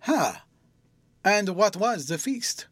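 Guy reading as a grumpy young fiancé, low and grumbly, a bit huffy, dry sound. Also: sing-song, takes it slowly, fairly bright tone, husky, no echo, exaggerated voice. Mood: grumbling, teasing. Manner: grumbling, slightly lower and clipped. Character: young engaged man, impatient and sulky.

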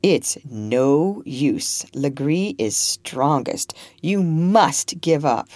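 A woman's voice: deep voice, lively intonation, drawn-out words, darkish tone, no echo, exaggerated voice. A woman voicing a bitter, miserable enslaved woman.

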